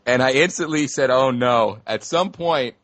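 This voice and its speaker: A man co-hosting a casual movie review podcast, enthusiastic and quick to chuckle along. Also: medium pitch, a bit bright, dry recording. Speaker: podcast co-host.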